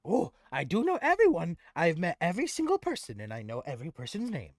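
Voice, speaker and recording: A man voicing an excitable, humble little male goblin who talks in broken grammar. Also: quick pace, dry recording, studio quality. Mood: eager. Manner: squeaky, broken grammar, gushing. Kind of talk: tabletop role-play voice.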